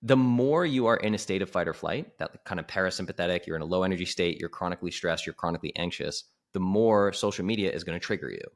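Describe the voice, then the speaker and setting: This is a man with a notably deep voice, chatting as a guest on a podcast. He coaches people on health and talks in an animated, casual way, full of "like" and sudden acted-out quotes. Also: fast, hardly any pauses.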